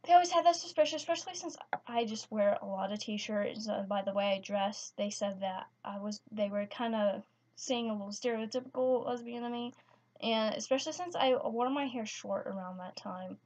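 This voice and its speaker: A woman's voice: fairly high pitch, moderate pace, a little mellow. A teenage girl telling a personal story in a vlog, hesitant and full of restarts. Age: teens. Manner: hesitant, many restarts and fillers. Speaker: vlogger. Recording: slightly dull lo-fi sound.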